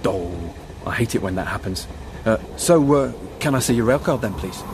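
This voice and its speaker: A man playing a weary train ticket inspector with a flat, dry delivery on board a train. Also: on the low side, normal speed, very noisy. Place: train carriage.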